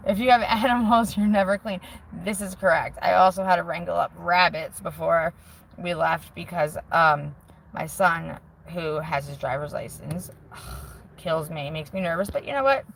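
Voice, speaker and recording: A woman's voice: on the low side, normal speed, gravelly, slight background noise, poor audio. A woman in her forties chatting casually on a live stream from a car, candid and self-mocking, swearing freely. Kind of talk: casual rambling chat. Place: inside a car with the window open. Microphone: handheld phone.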